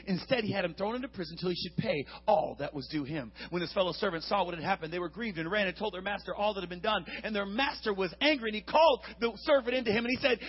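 A preacher man delivers a lively sermon with a high, husky voice. He dramatizes the scripture with big shouts and sudden quiet asides, and the recording sounds dull and lo-fi. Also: quick pace, few pauses. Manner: dramatic, acts out Bible characters, swings from shouts to hushed tones.

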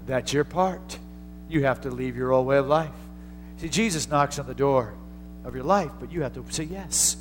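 A man preaching a sermon, moving between hushed storytelling and loud, rising exhortation. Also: medium pitch, normal speed, soft background music, poor audio. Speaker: pastor.

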